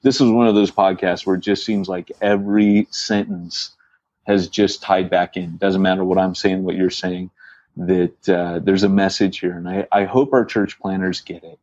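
A man co-hosting a podcast tells a story in a relaxed, rambling way. He stumbles over restarts and acts out the dialogue of the people in it. His voice comes through dry and a little dull, like a modest home setup. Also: low-pitched, moderate pace, no room sound. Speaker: church planter podcast co-host. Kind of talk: casual storytelling chat.

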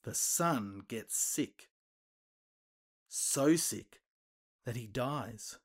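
Animated man retelling a Bible story. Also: extremely slow. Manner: animated, acts out quoted voices with big pitch jumps.

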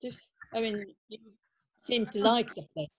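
A woman's voice: on the high side, unhurried, no echo. A woman chatting on a podcast, asking lots of questions in a teasing, slightly hesitant way. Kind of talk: casual chat.

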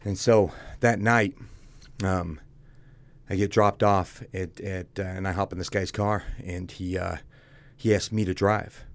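A man's voice: sits low, steady tone, measured pace. A man telling his own story as a guest, speaking bluntly and casually and calling the host "dude".

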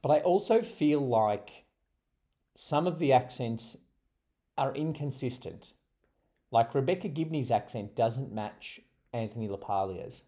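A man's voice: medium pitch, expressive, measured pace, mellow. An Australian man co-hosting a podcast in casual chat, chatty and laughing often. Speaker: podcast co-host.

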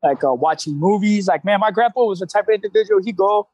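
A man in his thirties with a high voice, talking in a candid, streetwise way full of slang and cussing. The sound is dry and close, with no room around it. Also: fast talker, a little mellow, no room sound, poor audio. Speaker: CrossFit coach, guest. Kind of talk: casual interview talk.

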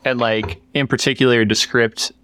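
Clear-voiced man rambling in casual chat. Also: mid-range voice, steady tone, normal speed, fairly bright tone. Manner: rambling, many fillers and restarts. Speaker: podcast co-host. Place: workshop.

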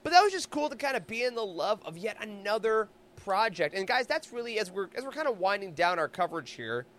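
Bright high-voiced enthusiastic man. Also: big pitch swings. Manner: enthusiastic, gushing, quick asides. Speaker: podcast co-host. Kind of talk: excited casual recap chat.

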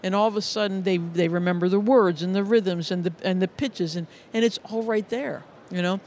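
A man's voice: high-pitched, steady tone, fairly quick, a little mellow, slight background noise. A middle-aged man, a music educator, telling stories in an interview, earnest and full of restarts and repeated words. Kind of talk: conversational interview storytelling.

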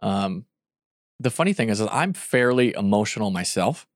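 A married man talks casually among friends, drifting through his thoughts with fillers and a goofy edge. His voice sits low. The sound is dry and close. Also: lively intonation, moderate pace, no echo. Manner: goofy, rambling, many fillers. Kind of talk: casual chat.

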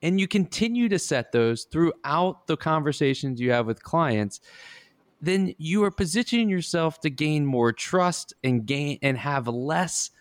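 Male host, somewhat high voice, lively pitch, dry close sound. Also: measured pace, dry recording. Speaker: interviewer host. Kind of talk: interview questions.

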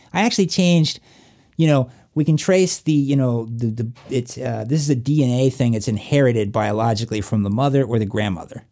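Middle-aged guy chatting, rambly, lots of restarts, warm dark tone. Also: medium pitch. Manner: rambling, restarts often, swears casually. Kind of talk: casual chat.

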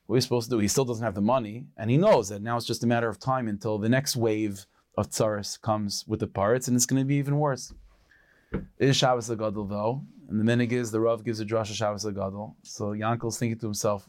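A rabbi telling a traditional story in an animated way, sprinkling in Yiddish and Hebrew words. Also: male voice, fairly low pitch, fast, dry recording, clean studio sound.

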